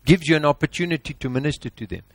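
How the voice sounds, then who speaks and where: A man's voice: on the high side, rapid-fire, no echo. A man preaching a sermon, emphatic and exhorting, piling up lists.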